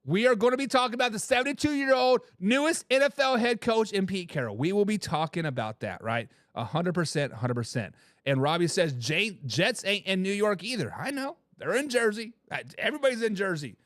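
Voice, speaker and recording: A man with a high, fairly bright voice and lively intonation hosts a casual sports talk stream, speaking a little fast. He reads viewer comments aloud in a laid-back way, laughs often, and repeats his catchphrases. The sound is clean studio audio with no room sound.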